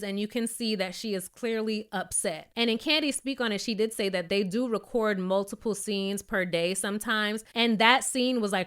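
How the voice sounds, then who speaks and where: A woman giving a sassy, blunt, casual recap of a reality show, with animated asides. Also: medium pitch, smooth.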